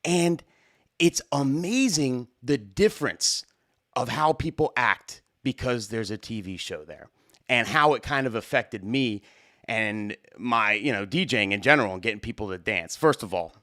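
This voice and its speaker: A young adult man, a wedding DJ hosting his own show, tells a story casually, with a rambling, excitable delivery full of fillers and swearing. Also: mid-range voice, normal speed, no room sound, studio quality.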